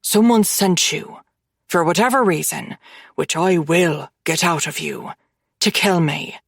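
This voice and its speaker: A woman voicing a cold, dangerous mafia man who speaks calmly and conversationally, with quiet menace in an audiobook. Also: lowish voice, measured pace, vocal fry, breathy edge, no room sound, clean studio sound, voice pushed down, heavily acted. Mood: coldly persuasive. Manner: calm, conversational, quietly threatening.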